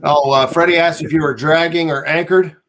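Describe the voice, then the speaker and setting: A man's voice: on the high side, steady tone, fairly quick, fairly bright tone, a little hiss or hum. A man hosting a casual livestream chat, laid-back and rambling as he reads out viewer comments. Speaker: livestream host.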